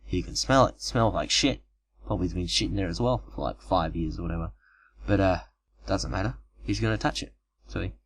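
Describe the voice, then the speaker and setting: Young man, lowish voice, rambling improvised storytelling, profane asides, cheap home mic. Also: fairly bright tone, poor audio. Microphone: cheap home microphone.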